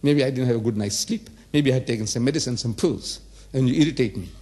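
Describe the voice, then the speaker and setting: A man's voice: medium pitch, quick pace, a little mellow. A man in his seventies giving a public religious lecture, emphatic and repetitive, asking the audience rhetorical questions. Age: 70s.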